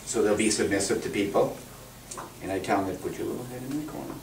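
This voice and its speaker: A man with a fairly low voice patiently walks a class through a hands-on demonstration as a veterinarian. He sounds distant from the camera, in an echoey room with noticeable background noise. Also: quick pace, darkish tone. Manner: patient, encouraging instructions. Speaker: veterinarian teaching children.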